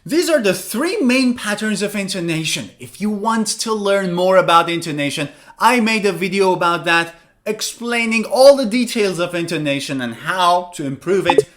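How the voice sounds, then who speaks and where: A man teaching English pronunciation, demonstrating stress and intonation patterns with slow, exaggerated examples. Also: sits high, expressive, fairly bright tone. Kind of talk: lesson narration with spoken examples.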